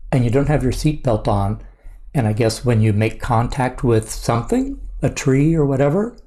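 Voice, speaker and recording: Older man, reaction host, mellow tone, hesitant, casual, lots of ums. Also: medium pitch. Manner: hesitant, musing, many fillers.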